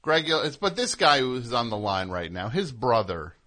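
A male radio host with a bright, forceful voice that leaps up and down in pitch. He banters casually and breaks into exaggerated impressions for laughs. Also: normal speed. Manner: animated, jokey, slips into exaggerated impressions.

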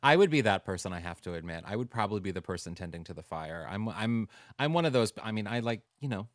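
A man's voice: fairly low pitch, animated, quick pace, dry recording, studio quality. A man co-hosting a podcast, chatting playfully and teasing his guest. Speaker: podcast co-host. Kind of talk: casual chat.

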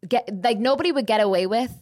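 A woman's voice: fairly high pitch, quick pace, darkish tone, no echo, clean studio sound. A woman co-hosting a casual podcast, gossipy and laughing often, swearing freely. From Texas. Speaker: podcast co-host. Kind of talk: casual chat and ad reads.

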